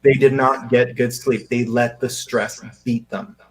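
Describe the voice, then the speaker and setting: A man who grew up in Seychelles, hosting a casual video chat in an animated way, often stumbling over repeated words. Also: mid-range voice, a little slow, poor audio. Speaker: host. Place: live video call.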